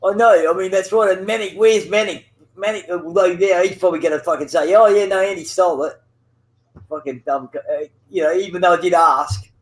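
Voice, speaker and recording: This high-pitched gamer talks fairly quickly as he jokes around with a friend on voice chat. His banter is profane and rambling, full of traded insults, near-constant swearing and fillers he keeps circling back through.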